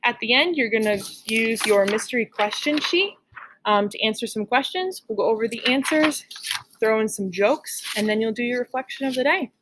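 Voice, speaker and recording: A woman's voice: fairly high pitch, lively intonation, normal speed, noisy background. A woman teacher recording a lesson for her class, upbeat and encouraging, checking in with her students often. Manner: upbeat, encouraging, frequent "all right?" check-ins.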